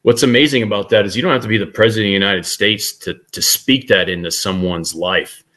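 A man's voice: lowish voice, fast, fairly bright tone. A middle-aged man who is a guest author and speaker, telling anecdotes in an earnest, conversational way. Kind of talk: conversational storytelling.

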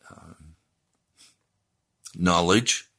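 A man preaching a sermon, explaining scripture in a deliberate, teaching manner. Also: low-pitched, fairly bright tone.

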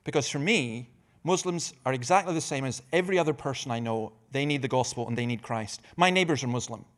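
A middle-aged preacher and evangelist gives a conference talk on evangelism in a mid-range voice, speaking a little fast. He tells lively stories with humorous asides and frequently restarts phrases, repeating words as he does.

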